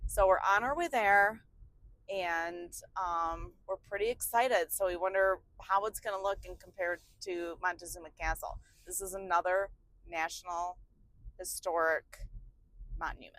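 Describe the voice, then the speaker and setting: A woman chatting through a road trip vlog with a bright, forceful edge to her voice. She talks casually and exclaims a lot, sprinkling in "like" as she goes. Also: on the low side, unhurried. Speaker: travel vlogger. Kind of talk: casual travel chat. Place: traveling by car.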